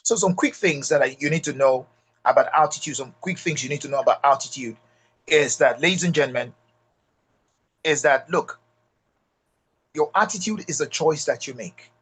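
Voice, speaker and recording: Husky Nigerian man giving motivational talk. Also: on the high side, normal speed, long pauses, a bit bright. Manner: emphatic, repeats key lines, addresses audience directly. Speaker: leadership speaker.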